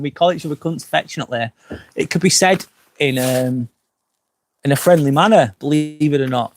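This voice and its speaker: A slightly high-voiced man, tipsy from wine, chats through a live stream from beside an outdoor fire pit. He rambles, swears freely and keeps breaking off to apologise. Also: brisk. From England. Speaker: live-stream host reading chat comments. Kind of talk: casual live-stream chat.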